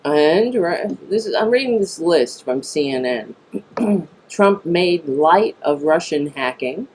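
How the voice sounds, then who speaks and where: A woman's voice: low voice, lively intonation, slow, darkish tone, slight background noise. A woman hosting a live political talk stream, reading news items and making blunt, profane asides, on a mic that sounds tinny. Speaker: political talk show host.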